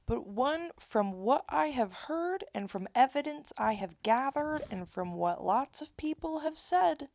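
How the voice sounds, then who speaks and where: A woman's voice: medium pitch, big pitch swings, unhurried, creaky, few pauses, a little mellow, dry recording. A woman in her twenties talking straight to camera in a rambling, candid monologue, often breaking off and restarting her sentences. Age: 20s. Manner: rambling, self-interrupting, candid. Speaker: vlogger. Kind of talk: casual confessional monologue.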